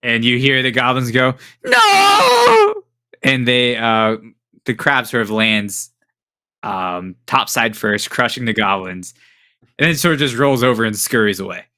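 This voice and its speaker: A man's voice: medium pitch, normal speed, bright, forceful tone, clean tone, no echo, clean studio sound. A man running a tabletop game as game master, narrating casually with many fillers and chuckles.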